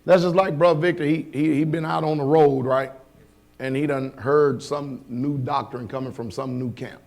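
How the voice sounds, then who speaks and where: A man with a high voice preaches a sermon in a casual, street-level way. He throws rhetorical questions at the congregation, drops into quiet asides and then builds up to loud shouts. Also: steady tone, normal speed, creaky. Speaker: pastor.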